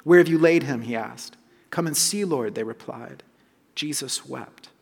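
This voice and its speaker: A man preaching a sermon, earnest and emphatic, dropping soft on key phrases. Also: medium pitch, measured pace, gravelly, slightly rough, in a large hall. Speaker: pastor.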